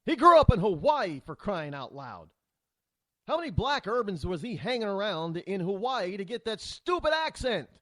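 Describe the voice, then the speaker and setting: Guy ranting politics on his show, rambly and heated, high voice swinging all over. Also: big pitch swings, moderate pace, sharp tone, dry recording. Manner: heated, opinionated, rambling with frequent restarts. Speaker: talk show host. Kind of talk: political commentary monologue.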